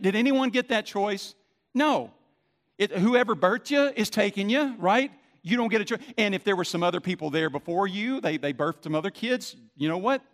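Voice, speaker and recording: A man, a pastor, preaching a sermon in an emphatic, conversational way. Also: fairly high pitch.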